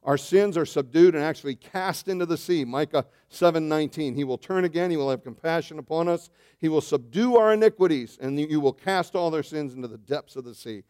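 A man preaching a sermon as pastor, animated, swinging between loud bursts and hushed asides, calling his listeners saints. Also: a little high, fairly quick, few pauses, smooth. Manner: addresses listeners as saints, asks questions.

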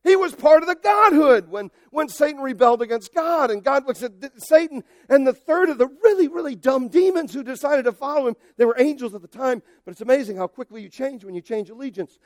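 A male pastor preaches with lively emphasis and talks directly to his congregation. His voice sits high for a man and he swings from soft remarks to loud outbursts. The sound is dry, with no room echo. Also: a little fast, few pauses. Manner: addresses the congregation directly and conversationally. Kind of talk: sermon.

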